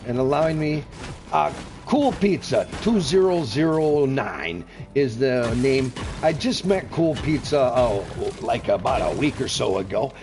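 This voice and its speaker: Animated but a little slow, this older man's mid-range voice comes over music on a gaming live stream. Describing himself as a grandpa, he chats in a rambling, folksy, earnest way and sometimes shifts into radio-announcer patter.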